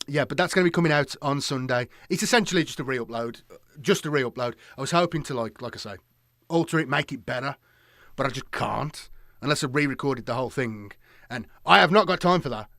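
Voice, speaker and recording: A man's voice: mid-range voice, lively intonation, fairly quick, fairly bright tone, dry recording, clean studio sound. A man chatting casually to his live-stream viewers, rambling and repeating himself with many fillers.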